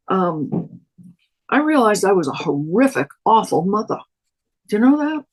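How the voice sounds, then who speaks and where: A woman's voice: mid-range voice, low-quality recording. Older woman sharing her recovery story. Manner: storytelling, acts out her own past words. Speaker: speaker at a recovery meeting. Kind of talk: personal testimony. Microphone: video call.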